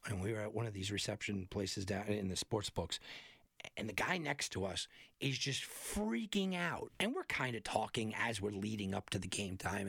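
A man's voice: medium pitch, vocal fry, husky, dry recording, clean studio sound. A man hosting a sports betting podcast, talking casually and telling stories with lots of energy. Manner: animated, chatty, tells anecdotes with many restarts. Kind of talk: casual sports talk monologue.

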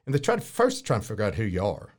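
A man's voice: on the low side, rapid-fire. Laughing man telling a story. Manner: animated, chuckles often, acts out quotes. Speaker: interview guest. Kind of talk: casual storytelling.

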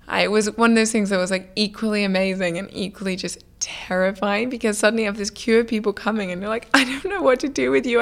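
A young woman, a food business founder, telling stories in a casual interview in a chatty, lively way, acting out what people said. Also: mid-range voice, gravelly. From United Kingdom. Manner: chatty, lively, many "like" fillers, acts out quoted dialogue.

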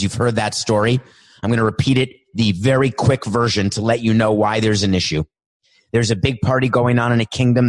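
A man hosting his own podcast, talking solo in a worked-up, emphatic way and stretching words for emphasis. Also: lowish voice. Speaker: podcast host. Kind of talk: energetic solo podcast monologue.

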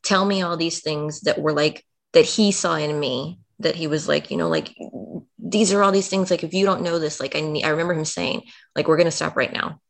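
A woman's voice: sits low, steady tone, moderate pace, vocal fry. A woman, a podcast guest, telling a personal story in conversation, earnest and emotional, filling her speech with "like". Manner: emotional, earnest, heavy on "like" fillers.

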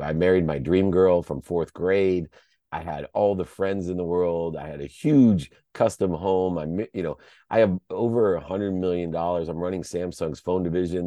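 A middle-aged American man with a low, warm voice tells a personal story as a podcast guest, recorded with no room sound. He sounds heartfelt, his voice catching at times, and he keeps restarting his sentences.

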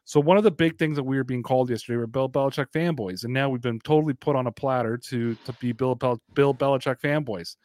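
A man's voice: medium pitch, fast talker, hardly any pauses, a little mellow, no room sound. A man hosting a football podcast in casual, joking, rambling chat. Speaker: podcast host.

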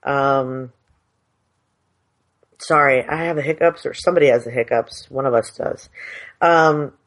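A woman's voice: low voice, brisk. A woman co-hosting a podcast, talking in a chatty, rambling and frank way over a video call. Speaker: podcast co-host. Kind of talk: casual chat. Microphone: headset on a video call.

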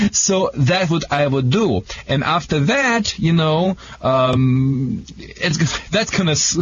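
A man with a Russian accent, an animated and jokey guest on a radio show, speaking halting English. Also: a little high, slightly rough. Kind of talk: radio call-in chat. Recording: slightly dull radio sound with hiss.

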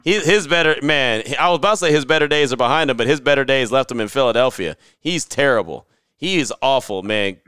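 A man co-hosting a casual sports chat in an animated, slangy, joking way. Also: medium pitch, fast, smooth. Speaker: podcast co-host.

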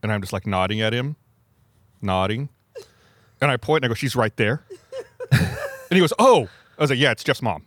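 A man's voice: mid-range voice, very animated, normal speed, long pauses, fairly bright tone, no echo, studio quality. A man co-hosting a casual podcast in a coffee shop, telling a funny anecdote in a joking, laughing way. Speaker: podcast co-host. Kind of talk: casual chat.

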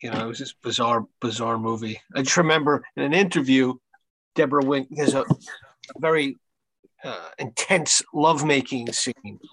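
A man co-hosting a casual chat, telling stories in a dry, deadpan way. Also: mid-range voice, moderate pace, low-quality recording. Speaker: podcast co-host.

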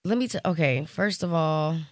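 A woman with Colombian roots co-hosting a casual chat, animated and blunt, swearing freely. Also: low-pitched, moderate pace. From Colombian family. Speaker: podcast co-host.

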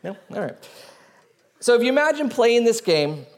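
A man's voice: very high voice, normal speed. A man in his thirties preaching a sermon as a pastor, telling stories and acting out voices. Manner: animated storytelling, acting out voices.

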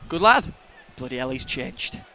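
A man's voice: mid-range voice, very animated, measured pace, sharp tone. A man with a Yorkshire accent co-hosting a podcast, bantering and teasing in casual slang. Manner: jokey, teasing, blokey slang. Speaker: podcast co-host.

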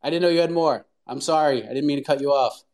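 A man hosting a casual morning chat show, upbeat and energetic, talking to listeners. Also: fairly high pitch, quick pace. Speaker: host.

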